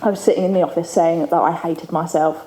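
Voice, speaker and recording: In an echoey event hall with faint ambient sound, a woman shares a candid recovery testimony with the audience, chatting easily and laughing often. Her mellow voice sits on the low side, with fairly even intonation and a fairly quick pace.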